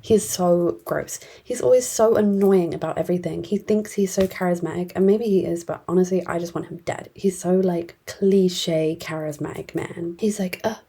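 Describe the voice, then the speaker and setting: A woman casually retells a fantasy novel's plot for her video review, chatty and blunt, scattering fillers as she talks. Her voice sits low and husky. The tone is mellow and relaxed. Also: normal speed, hardly any pauses. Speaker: book reviewer.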